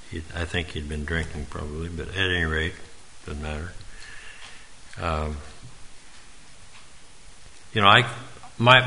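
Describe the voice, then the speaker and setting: A man's voice: sits low, bright, forceful tone, a little hiss or hum, low-quality recording. A man giving an informal, earnest sermon in a folksy way, now and then calling on listeners by name. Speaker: preacher.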